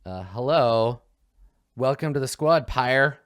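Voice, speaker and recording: Excitable man building a game character. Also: medium pitch, takes it slowly, dry recording, studio quality. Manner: excitable, laughs often, swears casually. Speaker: tabletop game player. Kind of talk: casual game character creation.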